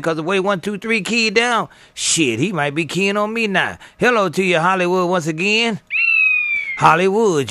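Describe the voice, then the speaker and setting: A man's voice: a little high, sharp tone, no echo. A man chatting on CB radio, trading playful banter full of call signs and sign-offs. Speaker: CB radio operator.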